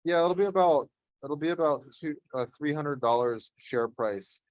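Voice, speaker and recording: On a voice call, a man streams his trades live, coaching in a blunt, profane, laid-back way during casual chat. His fairly high voice is a little mellow, at normal speed with no room sound.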